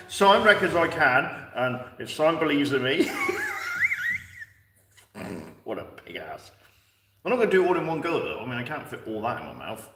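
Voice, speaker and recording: Bloke cracking jokes on a stream, laughs loads, roomy echo, noisy background. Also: male voice, mid-range voice, big pitch swings, moderate pace, long pauses. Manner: jokey, laughs often. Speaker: stream co-host. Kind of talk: casual chat. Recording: echoey room, far from mic, noisy.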